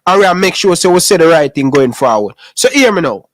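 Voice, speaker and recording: A Jamaican man talking sports on a podcast in a high, lively voice. He pushes his points hard and keeps saying "brother." The sound is dry and close, with no room around it. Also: brisk, dry recording. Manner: animated, repeats "brother" often. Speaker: podcast co-host. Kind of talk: heated casual sports chat.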